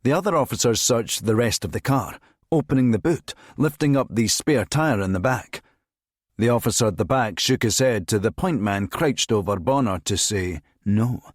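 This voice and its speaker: A man narrating a crime thriller audiobook in a measured, steady reading voice. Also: medium pitch, dry recording, studio quality. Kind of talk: scripted narration.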